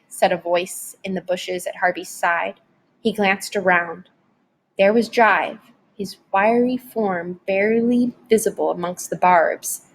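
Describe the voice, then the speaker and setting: A woman narrating a novel chapter aloud in a dramatic, expressive audiobook reading. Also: mid-range voice, slightly rough. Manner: dramatic, varied storytelling delivery.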